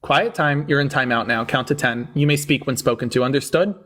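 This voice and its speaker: A man's voice: medium pitch, a little fast, a bit bright. A man hosting a livestream debate, sarcastic and mocking as he talks down to callers.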